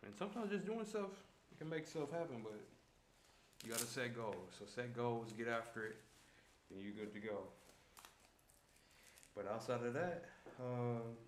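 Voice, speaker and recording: A man's voice: mid-range voice, a little slow, long pauses. A man streaming live and talking casually to his chat in a laid-back, slangy way. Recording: echoey room with faint background noise.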